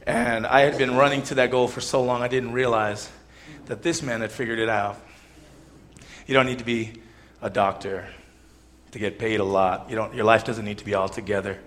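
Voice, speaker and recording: A male preacher telling a story in his sermon and leading a prayer, animated and expressive. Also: mid-range voice, moderate pace.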